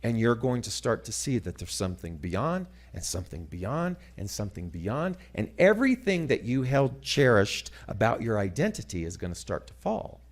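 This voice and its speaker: A middle-aged man giving a sermon-style talk, telling a story dramatically and moving between loud passages and hushed ones. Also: lowish voice, very animated, normal speed, hardly any pauses. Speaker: guest speaker.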